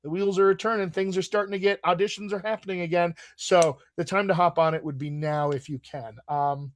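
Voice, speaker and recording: A man's voice: fairly high pitch, steady tone, fairly quick. A man hosting a live video Q&A as a dialect coach, chatting in an upbeat way with frequent fillers. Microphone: video call.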